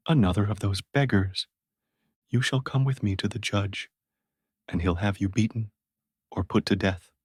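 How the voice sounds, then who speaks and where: A man's voice: fairly low pitch, normal speed, pauses often, a little mellow, husky, no echo, studio quality. A man doing a kindly passer-by. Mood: stern. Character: kindly passing man, then stern.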